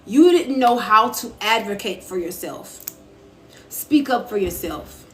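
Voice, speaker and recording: A woman's voice: medium pitch, animated, a little slow, fairly bright tone. A young woman talking casually to viewers on a live stream, answering their comments as she goes. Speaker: author and live-stream host. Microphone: phone. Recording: echoey room with faint ambient noise.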